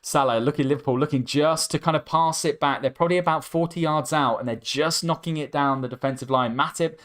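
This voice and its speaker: A man with a slightly high voice hosts a live fan watchalong and calls the match play by play. He is excitable and breaks into loud cries whenever a chance comes in. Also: brisk. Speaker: host.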